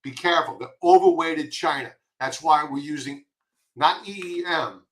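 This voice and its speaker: A man's voice: a little high, normal speed. A man with a Long Island accent giving blunt, emphatic stock chart commentary, repeating his warnings. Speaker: market commentator.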